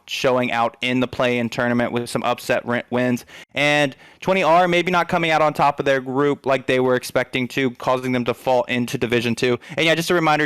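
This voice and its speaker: A man's voice: mid-range voice, a bit bright, smooth, no room sound. A man casting an esports league broadcast, chatty and upbeat, talking straight to the viewers in chat. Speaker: esports caster. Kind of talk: casual esports broadcast commentary.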